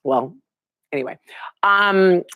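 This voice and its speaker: A woman's voice: lowish voice, takes it slowly, no room sound, highs cut off. A middle-aged woman hosting a live online show, chatting casually and upbeat with viewers and reading out their names.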